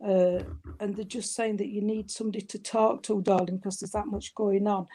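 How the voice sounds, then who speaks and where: At a service, a woman medium delivers a spirit reading in a mid-range, level voice at normal speed. Her manner is gentle and soothing, with words like sweetheart and darling, though she frequently breaks off and begins her sentences again.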